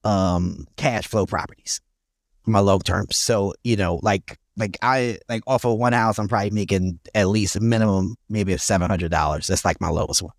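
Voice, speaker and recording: Middle-aged philly dude, relaxed storyteller, swears a bit, laughs a lot, close dry mic. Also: male voice, fairly low pitch, moderate pace, no room sound. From North Philadelphia, USA. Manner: laid-back storytelling, laughs often, blunt and profane. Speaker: guest, real estate investor. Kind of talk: casual podcast interview.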